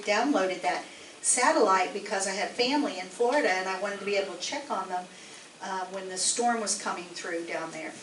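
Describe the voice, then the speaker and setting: Woman, 60s, rambling chatty anecdote, slightly high voice, picked up far off in an echoey hall with faint noise. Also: a bit bright. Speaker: meeting attendee telling a story. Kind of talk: casual anecdote to a group. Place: meeting hall. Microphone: distant room mic.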